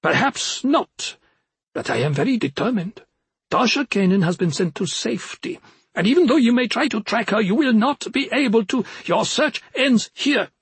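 A proud old forest imp speaks in a raised, husky voice, every word formal and stately, as a man acts him out. The storybook reading is close and dry, with no room around it. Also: high voice, animated, normal speed, no echo, voice pushed up, full character voice. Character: proud ancient male forest imp, small and defiant.

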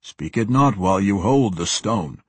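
Old male half-orc merchant played by a man, audiobook character, low husky voice, genteel, chuckling. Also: animated, a little slow, no echo. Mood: wry amusement.

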